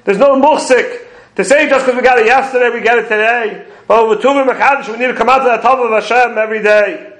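Very high-pitched male Torah teacher, methodical explainer, roomy echo. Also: quick pace, fairly bright tone. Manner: explains commentaries step by step, quoting Hebrew phrases. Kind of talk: prayer commentary lecture.

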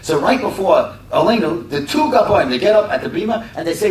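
A middle-aged man speaking at a religious community talk delivers a conversational storytelling sermon packed with asides to his listeners. He is expressive and a little fast, barely pausing, and the recording is from a distance in an echoey room with a faint rumble.

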